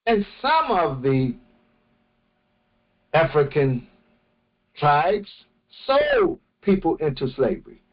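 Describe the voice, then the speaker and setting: A man teaching a morning religious session, speaking slowly and deliberately and often restarting his phrases. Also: a little high, huge pitch swings, muffled recording. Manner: slow, deliberate, with many restarts. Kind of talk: morning lecture.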